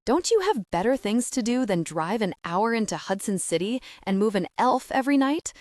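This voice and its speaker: A woman voicing a guarded but caring young single mother in a romance audiobook, talking quickly and correcting herself when flustered. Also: fairly high pitch, sing-song, a little mellow, no room sound, clean studio sound.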